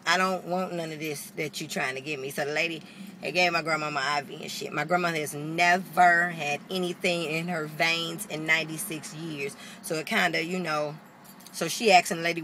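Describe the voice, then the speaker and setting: Female vlogger, raspy-edged, bright tone, animated storyteller with salty language. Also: low-pitched, a little hiss or hum. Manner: animated, profane, acts out quotes. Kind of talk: casual storytelling to camera.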